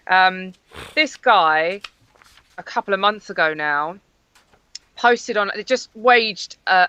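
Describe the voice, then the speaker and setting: A woman from Northern Ireland gives earnest, emphatic answers as an interview guest. Her voice is bright and crisp, coming through dull and dry over a remote link. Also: on the low side, no room sound.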